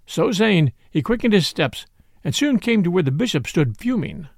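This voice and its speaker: A man reading a classic adventure tale aloud as narrator, in an expressive storytelling manner. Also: sits high, normal speed, vocal fry, dry recording, clean studio sound.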